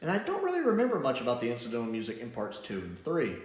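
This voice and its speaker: A man's voice: mid-range voice, huge pitch swings, fast. A man giving a casual spoken review on his channel, chatty and rambling, often acting out lines. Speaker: video reviewer. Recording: echoey room.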